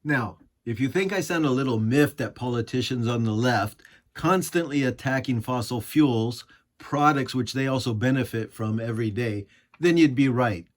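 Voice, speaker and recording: A man's voice: mid-range voice, moderate pace. Indignant American man reading commentary. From United States. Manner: sarcastic, indignant, rhetorical questions. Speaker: commentary host. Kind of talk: scripted political commentary.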